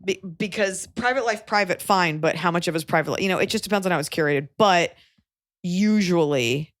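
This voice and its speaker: A woman's voice: lowish voice, a little fast, no room sound, studio quality. A woman hosting a podcast, giving frank advice in casual chat, often restarting her sentences. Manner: chatty, frank, self-interrupting. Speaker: podcast host.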